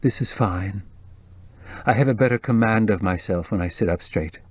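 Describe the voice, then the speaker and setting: A man reading the part of a jumpy, anxious young woman with a low, breathless voice in an audiobook. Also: normal speed, dry recording, close to an everyday voice. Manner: nervous, jumpy, worried.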